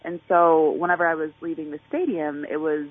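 A woman's voice: low voice, fairly even intonation, brisk. A woman Olympic athlete talking in a chatty way, full of fillers and restarts, during a phone interview. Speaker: Olympic track and field athlete. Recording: tinny phone line.

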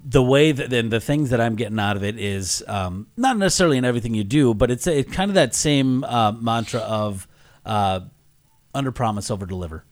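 A man's voice: mid-range voice, lively intonation, brisk. A man in casual conversation, reflecting thoughtfully on what he has just heard, with some hesitant fillers. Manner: frequent short agreements, reflective.

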